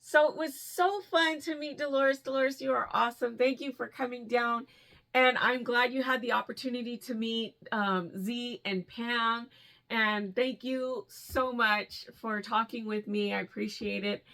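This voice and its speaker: A woman vlogging about yarn in a casual, gushing way, laughing easily. Her voice sits a little high and has a gravelly fry in it. She talks straight to her viewers like old friends. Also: unhurried. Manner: excited, gushing, laughs often. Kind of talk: casual chat to camera.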